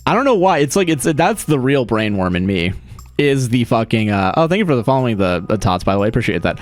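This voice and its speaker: A man's voice: mid-range voice, sing-song, fairly quick, soft background music. Rambling, swearing streamer guy. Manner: rambling, profane, laughs often. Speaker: livestreamer. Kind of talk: casual chat while streaming a game.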